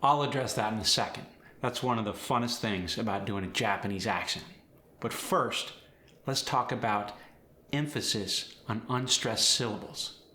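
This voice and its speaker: A man coaching accents, explaining step by step in a clear, instructional way. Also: lowish voice, moderate pace, sharp tone, roomy sound. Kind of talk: instructional lesson.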